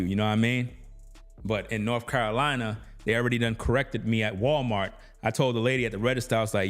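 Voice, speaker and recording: A man's voice: lowish voice, fairly even intonation, fast talker, soft background music. Laid-back man. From New York. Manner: laid-back, chatty, peppered with "you know what I mean". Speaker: YouTube commentator. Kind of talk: casual commentary.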